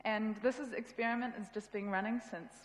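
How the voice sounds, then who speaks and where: A woman's voice: a little high, steady tone, a little fast. A woman with a New Zealand accent giving a casual, self-deprecating conference talk. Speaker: conference speaker. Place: event hall. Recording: echoey hall with long reverb.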